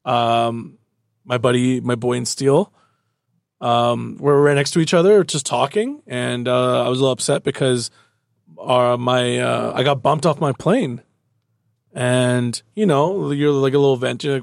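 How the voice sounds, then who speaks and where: A man's voice: mid-range voice, a little slow, gravelly, no room sound, clean studio sound. A man in a casual chat who rambles through stories with many fillers and swearing.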